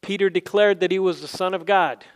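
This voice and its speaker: A man's voice: sits high, steady tone, brisk, clean tone. A man preaching a casual, conversational sermon, acting out Bible scenes in quoted voices. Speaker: pastor.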